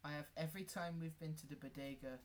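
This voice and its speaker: A young man co-hosts a podcast and rants with sarcasm and a few swear words. His voice sits slightly high for a man. Faint background noise hums beneath him. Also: fairly even intonation, quick pace. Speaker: podcast co-host. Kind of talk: casual chat.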